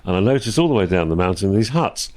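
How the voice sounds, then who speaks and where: A man's voice: on the low side, sing-song, quick pace, darkish tone. An older man, a guest and a host's father, chatting casually with exasperated comic rants, recorded indoors at a workplace full of vintage cars. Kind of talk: casual chat.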